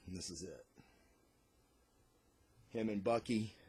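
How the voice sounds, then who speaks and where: Excitable, low-voiced comic book reviewer man. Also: takes it slowly, slightly rough, dry recording. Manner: excitable, casual, curses freely. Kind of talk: casual unboxing and review vlog.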